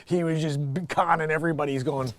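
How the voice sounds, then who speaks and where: A man's voice: fairly high pitch, fairly even intonation, fast, a little hiss or hum. Wisecracking man hosting comedy news. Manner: joking, rambling, self-mocking asides. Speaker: comedy news show host. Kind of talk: casual comedic news commentary.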